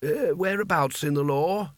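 A man's voice: measured pace, no echo, clean studio sound, natural voice. A man voicing a nervous male wizard who calls out uncertainly from a tower. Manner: uncertain, then shrill.

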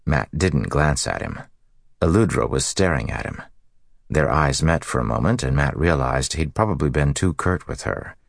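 Deep, gravelly male audiobook narrator. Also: animated, normal speed, no echo, clean studio sound. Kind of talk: scripted narration.

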